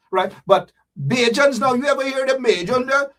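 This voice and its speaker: A man with a Guyanese accent hosting a fiery political talk show, shouting, mocking and repeating himself for effect. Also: very high-pitched, normal speed, hardly any pauses, recorded from a distance. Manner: animated, shouting, mocking, repetitive.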